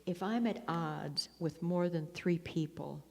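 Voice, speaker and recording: A woman's voice: on the low side, unhurried, gravelly, dark tone. A woman giving a personal talk at a recovery meeting, telling rambling stories with frequent laughs and restarts. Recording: long hall reverb.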